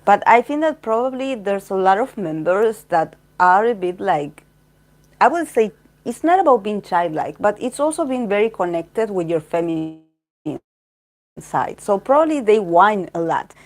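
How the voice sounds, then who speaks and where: A woman's voice: medium pitch, lively intonation, normal speed. Female tarot reader, casual and chatty, rambles through her readings with lots of fillers. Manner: rambling, heavy use of "like" and "you know".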